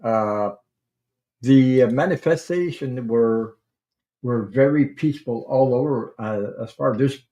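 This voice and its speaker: A man hosting a tarot livestream, chatting casually and rambling, with halting restarts while he greets viewers. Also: mid-range voice, dark tone. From Canada.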